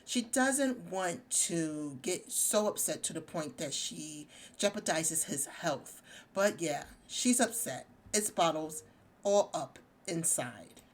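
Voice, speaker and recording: Animated woman narrating a life-sim game. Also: low voice, takes it slowly. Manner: gushy, dramatic narration addressing viewers. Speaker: let's play host. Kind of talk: casual game commentary. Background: game music.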